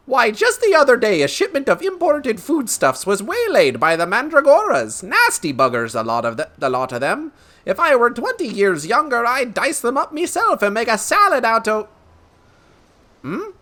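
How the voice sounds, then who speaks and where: A streamer voicing a boastful older male merchant in a video game, with a folksy old-timey way of talking. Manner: loud and hearty, swooping high.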